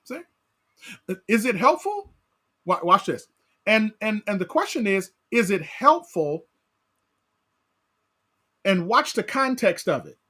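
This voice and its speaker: A man leading a Bible study as pastor, animated, asking his class questions and often tagging on "right?". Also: high voice, takes it slowly, long pauses, slightly rough.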